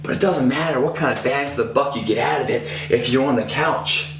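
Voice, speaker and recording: A man's voice: mid-range voice, brisk, reverberant, noisy background. A man in his thirties giving a casual motivational fitness talk, intense and profane, rambling, his voice rising when he gets fired up.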